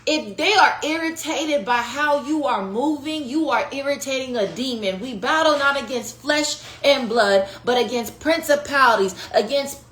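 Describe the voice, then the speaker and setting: A woman preaching a prophetic teaching on her podcast, in a passionate, conversational way that swings from hushed to loud, calling listeners "baby" and "y'all". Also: sits high, moderate pace, few pauses. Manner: passionate, conversational preaching with sudden rises and drops. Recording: echoey room with faint noise.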